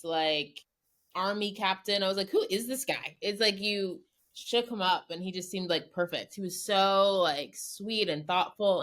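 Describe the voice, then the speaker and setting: Lower-voiced young woman co-host. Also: fairly bright tone. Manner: chatty, quick asides with frequent "like". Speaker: podcast co-host. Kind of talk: casual chat.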